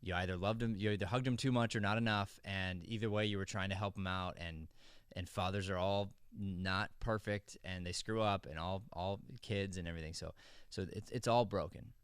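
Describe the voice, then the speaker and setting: A middle-aged man with a fairly low voice talks through acting craft in a casual podcast chat. He is earnest and rambling and often restarts his sentences. The sound is dry and close, with no room behind it. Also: steady tone, fairly quick, smooth, no echo. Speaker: acting coach and podcast host.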